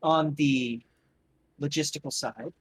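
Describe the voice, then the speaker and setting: A game master voicing a polite, stern woman leader, formal and measured, in a tabletop game. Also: medium pitch, steady tone, breathy edge, rough recording.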